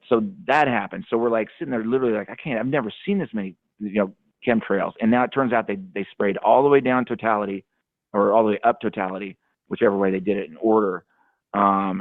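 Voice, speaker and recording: Low-pitched man, rambling caller, thin phone-line sound, dry. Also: dry recording. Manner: rambling, with many fillers and restarts. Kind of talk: casual storytelling.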